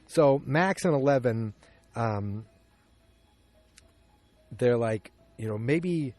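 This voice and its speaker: Out in his backyard, a podcast host from Massachusetts casually recaps an episode, acting out the characters' lines with quick voice shifts. His medium-pitched voice is darkish in tone with lively intonation, and he's chatty throughout.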